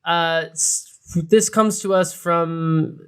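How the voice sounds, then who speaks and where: A man's voice: fairly high pitch, steady tone, slow, fairly bright tone, clear, resonant tone. A man co-hosting a casual podcast, telling a story in a playful, rambling way with plenty of fillers. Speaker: podcast co-host. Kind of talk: casual chat.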